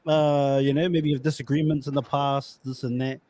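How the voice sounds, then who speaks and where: A man's voice: medium pitch, flat delivery, brisk, warm tone. A man hosting a podcast in casual chat, rambling with lots of fillers and restarts. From Australia. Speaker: podcast host.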